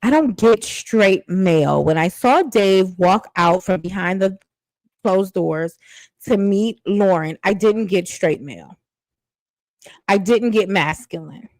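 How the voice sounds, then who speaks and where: A woman's voice: medium pitch, expressive, slow, darkish tone, dry recording, low-quality recording. A woman giving blunt, sassy commentary on a reality dating show, casual and mocking.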